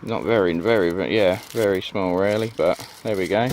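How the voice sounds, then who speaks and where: Low-voiced man rambling outdoors. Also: fairly quick, a little mellow, a little hiss or hum. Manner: rambling, chatty, lots of ums and "you know what I mean". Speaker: allotment vlogger. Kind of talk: casual walk-and-talk vlog. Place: outdoors on an allotment plot.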